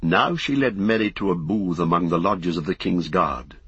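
Male audiobook narrator: low, husky, solemn, dull dry recording. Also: normal speed, a bit bright, no room sound. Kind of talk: scripted narration.

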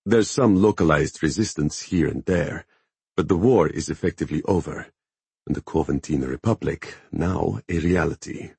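Brief: a man playing a measured revolutionary man in an audiobook, wry, very low and husky. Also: a little mellow, dry recording, full character voice. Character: measured male revolutionary leader.

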